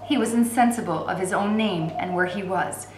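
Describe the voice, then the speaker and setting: A woman teacher reads a novel aloud, steady and expressive. Her voice is at an average pitch. The room adds a clear echo. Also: moderate pace, background noise. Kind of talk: read-aloud narration.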